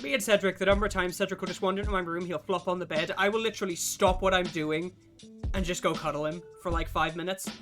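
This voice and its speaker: Bright and forceful, this high male voice belongs to a streamer shaking off a cough. He keeps up a loose, jokey, foul-mouthed ramble with his chat, replying to viewers over guitar music.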